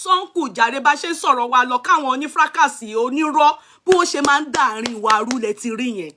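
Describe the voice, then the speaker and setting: A woman's voice: sits high, very fast, bright, forceful tone, a little hiss or hum. A young Nigerian woman with a Yoruba-speaking accent, hosting a gossip livestream and scolding her viewers, switching between Yoruba and English. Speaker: gossip show host.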